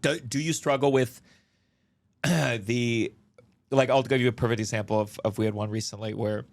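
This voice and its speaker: A man, a comedian guest, chatting casually and telling animated stories with quoted voices and some swearing. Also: medium pitch, normal speed. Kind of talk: casual chat, storytelling.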